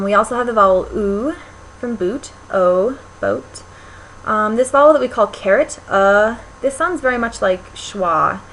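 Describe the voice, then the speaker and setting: A woman's voice: mid-range voice, a bit bright, low-quality recording. A young woman lectures on linguistics, her voice in an ordinary middle register. She explains patiently, with frequent ums and restarts, as if talking through slides. A faint hiss sits under the recording. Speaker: linguistics instructor.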